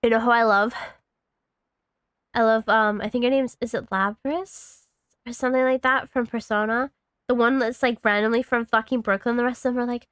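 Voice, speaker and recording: A woman's voice: a little high, fairly even intonation, moderate pace, a bit bright, clean tone, no echo. A woman in her thirties streaming a game, rambling casually to herself and her chat and swearing freely. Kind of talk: casual gaming commentary.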